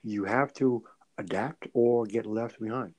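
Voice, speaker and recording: Man, podcast co-host, low voice, mellow tone, careful and hesitant. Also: unhurried, poor audio. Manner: careful, choosing words, hesitant. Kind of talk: casual economics discussion.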